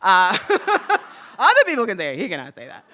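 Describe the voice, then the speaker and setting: Animated woman in her forties telling a story. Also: mid-range voice, moderate pace. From United States. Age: 40s. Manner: animated, acts out quoted voices. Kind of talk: live storytelling on stage.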